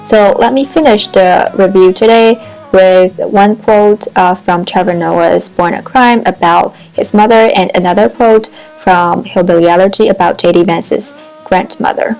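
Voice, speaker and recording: A woman talks through a book review in a reflective, wordy manner, with pauses and restarts between ideas. Her voice sits at an ordinary middle pitch. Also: a little mellow, faint music behind, low-quality recording. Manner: thoughtful, wordy, with fillers and restarts.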